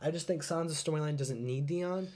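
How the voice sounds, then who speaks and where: A man's voice: on the high side, brisk, darkish tone. A man hosting a podcast, recapping an episode in casual, rambling chat, full of fillers and freely swearing. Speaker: podcast host.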